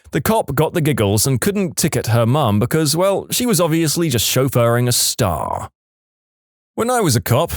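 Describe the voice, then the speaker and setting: Man narrating with a lively, rising-and-falling delivery. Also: mid-range voice, dry recording, studio quality. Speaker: podcast narrator. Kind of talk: scripted narration of reader stories.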